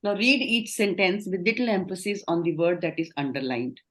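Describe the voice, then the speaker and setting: A woman's voice: on the low side, animated, fairly quick, a bit bright, slight background noise. A middle-aged woman with an Indian accent, leading an online training session, explaining and affirming answers. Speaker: communication trainer.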